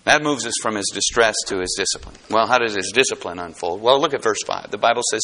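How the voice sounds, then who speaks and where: Bright-voiced man preaching a lively sermon. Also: mid-range voice, brisk, hardly any pauses. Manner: animated, swinging from hushed to emphatic. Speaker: pastor.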